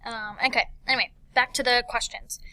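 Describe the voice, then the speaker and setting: A woman's voice: a little high, fairly even intonation, a little fast, bright, forceful tone, poor audio. A young woman teacher talking through a poem in a recorded lesson, explaining step by step with many fillers and restarts.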